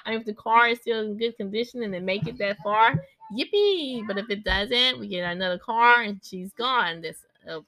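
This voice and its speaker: A woman's voice: medium pitch, a little fast, few pauses, sharp tone, no room sound. A woman in her thirties chatting casually about family life, rambling and breaking off now and then to direct her kids. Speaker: mother recording a podcast vlog. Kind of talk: casual personal chat.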